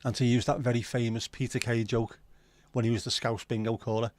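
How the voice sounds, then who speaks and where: A man's voice: mid-range voice, level tone, brisk, few pauses, darkish tone, dry recording, clean studio sound. A man hosting a casual livestream, chatting and bantering loosely with plenty of swearing while reading viewer comments. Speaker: livestream host.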